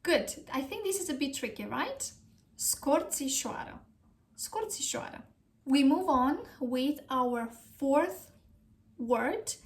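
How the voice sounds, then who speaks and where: A woman from Romania leads a pronunciation lesson at an unhurried, deliberate pace. Her voice sits high, and she sounds out each word slowly and repeats it several times. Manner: slow, careful repetition of words. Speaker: language teacher.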